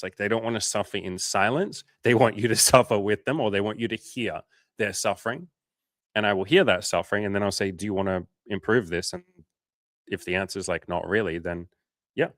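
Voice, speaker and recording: A man with a fairly bright voice coaches viewers on a livestream, recorded with clean studio sound and no echo. He talks bluntly and casually, swearing now and then, and acts out quotes in higher voices.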